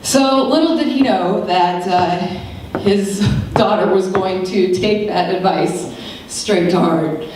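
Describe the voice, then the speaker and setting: A woman in her thirties giving a keynote speech, telling a personal story in an animated way and acting out the voices of the people in it. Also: medium pitch, slow pace, background noise. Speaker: keynote speaker. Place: large lecture room. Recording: very echoey hall, distant mic.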